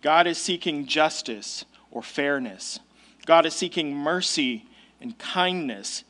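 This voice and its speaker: A male pastor takes his time preaching, animated and conversational, with a high, fairly bright voice. He drives home key points with casual asides.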